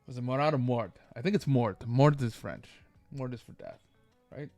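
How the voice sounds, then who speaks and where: A male streamer with a gravelly, creaky voice, thinking aloud in a halting way and restarting his sentences often. His sound is close and dry, with faint music underneath. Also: mid-range voice, darkish tone, no room sound. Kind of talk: casual live-stream chat.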